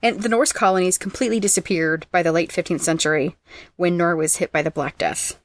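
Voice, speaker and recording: A fairly low-pitched woman hosts a trivia podcast. She reads out facts briskly and teases her co-host between them. The sound is dry and close to the mic. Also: fairly even intonation, no room sound. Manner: brisk and teasing, reads facts aloud, laughs often. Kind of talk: casual trivia chat, reading facts.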